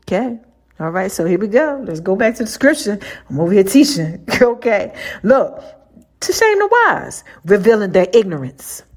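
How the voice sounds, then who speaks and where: Woman host, casual preaching monologue, slightly high voice, talks straight to listeners. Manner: informal, chatty, talks to listeners directly with y'all. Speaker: podcast host.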